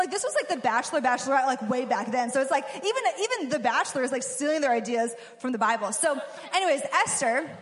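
Young woman preacher, high voice, casual and chatty, long hall reverb. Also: fairly bright tone, a little hiss or hum. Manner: chatty, lots of "like", acts out characters in quick asides. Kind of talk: casual sermon.

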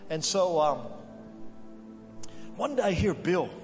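A man's voice: high-pitched, very animated, slow. A man preaching a sermon as pastor, telling a workplace story and lifting his voice when he quotes others. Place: church sanctuary. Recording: echoey hall with music behind.

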